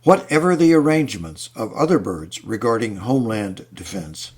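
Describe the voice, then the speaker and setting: A man giving a measured, scripted narration for a nature video. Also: on the low side, husky. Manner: measured, explanatory. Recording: voice-over with steady background noise.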